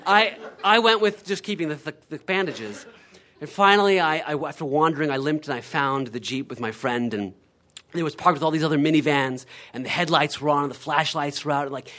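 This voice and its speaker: A man's voice: a little high, brisk. A middle-aged man telling a comic story on stage, acting out quoted voices and tossing in "right?" to the listeners. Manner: animated, acts out quoted voices, frequent "right?".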